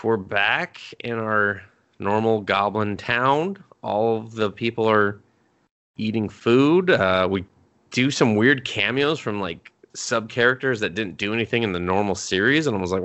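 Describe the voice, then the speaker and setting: A young man with a fairly low voice recaps an anime film in a loose, rambling way. He swears freely and slips into quick, animated impressions of the characters as he goes. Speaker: podcast co-host.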